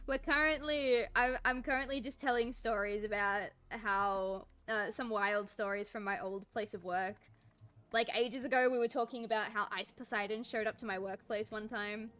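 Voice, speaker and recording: A young woman chatting with stream viewers while drawing, an animated storyteller who laughs often and pokes fun at herself. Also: fairly high pitch, moderate pace. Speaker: art streamer. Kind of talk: casual chat with stream viewers.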